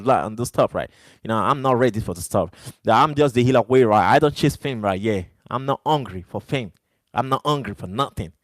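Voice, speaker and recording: A man with a medium-pitched voice, recorded dry, hosts a live stream and speaks directly to his chat. He is a non-native English speaker whose delivery is emphatic and repetitive.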